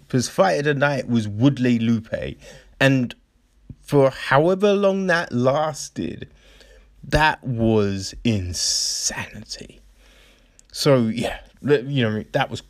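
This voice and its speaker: Young man, casual fight-recap monologue, lively intonation, slow easy delivery, lots of filler and repeats. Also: medium pitch. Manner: animated, slangy, repeats himself with "you know what I mean?". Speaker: MMA commentator.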